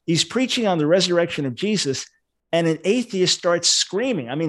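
A man's voice: high voice, expressive, normal speed, fairly bright tone. An older man, a Bible scholar, explaining his view earnestly in a casual livestream discussion.

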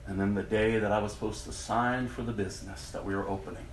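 A man giving an emotional testimony to an audience, dramatic, swinging between loud outbursts and hushed tones. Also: fairly low pitch, steady tone, fast, roomy sound, a little hiss or hum. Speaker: speaker giving a personal testimony.

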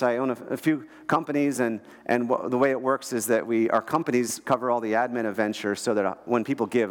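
A man's voice: on the high side, in a large hall. A man giving a sermon to a church audience, telling mission stories with emphatic storytelling and restarting words as he goes. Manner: storytelling, emphatic, repeats words when excited. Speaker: guest speaker.

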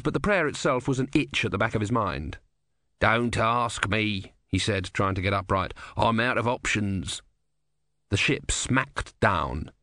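Here a man with a medium-pitched voice tells an audiobook story in a steady, even way, following a script. It's a dry recording with studio quality.

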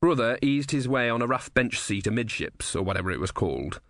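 Reading a novel aloud for an audiobook, a man with a mid-range voice keeps his storytelling even and measured. The scripted narration is captured dry, with clean studio sound.

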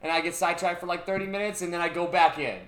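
Young male co-host, fast jokey recaps, some swearing, echoey room. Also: high-pitched. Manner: animated, profane, jokey storytelling. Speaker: podcast co-host. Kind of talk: casual chat recapping a show. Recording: roomy echo.

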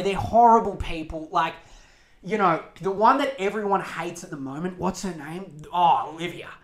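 A young man on a podcast, rambling animatedly with frequent swearing and self-interruptions. His delivery is loose and chatty, jumping between loud outbursts and mutters. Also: high-pitched. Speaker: podcast host. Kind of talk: casual ranting chat.

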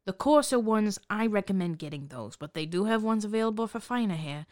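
A woman's voice: mid-range voice, lively intonation, brisk, a little mellow, no echo, studio quality, lightly acted. A woman playing a brash, profane basket seller in an improvised comedy sketch, talking with sarcastic dismissiveness. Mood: snarky. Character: brash foul-mouthed woman hawking hair baskets.

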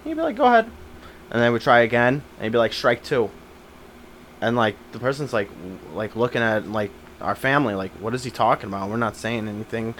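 A man co-hosting a casual podcast, chatting and telling a family anecdote, dropping to quiet voices for quotes. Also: mid-range voice, sing-song, quick pace, a little hiss or hum. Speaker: podcast co-host. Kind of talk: casual chat.

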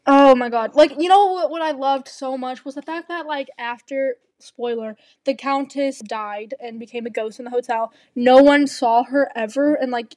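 A young woman with a high voice talks in a casual podcast chat, animated and gushing, with quick asides. Her voice sits dry and close, with little room sound around it. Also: no echo. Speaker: podcast co-host.

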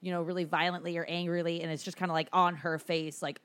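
A woman with a somewhat low voice talks through a film in a loose, casual chat. She leans on fillers and restarts as she goes. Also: level tone, quick pace, fairly bright tone, clean tone. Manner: chatty, heavy use of filler words. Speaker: podcast co-host.

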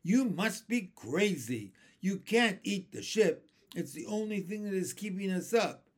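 A gloomy blind earthworm grumbles that everything will end in disaster, as a man reads it aloud. The storybook voice is pitched up and lively, dragging out each complaint. It speaks loudly and slowly. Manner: complaining, doom-laden.

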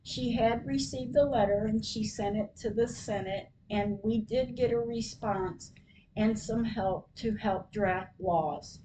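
A woman podcaster reading her diary entries aloud, retelling each call in a plain, measured way. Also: a little high, mellow, slight background noise, rough recording.

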